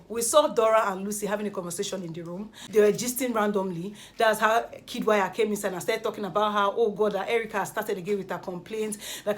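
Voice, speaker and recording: A woman with a Nigerian accent recapping reality show gossip in a dramatic, animated way, dropping pidgin interjections. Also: mid-range voice. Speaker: entertainment gossip vlogger.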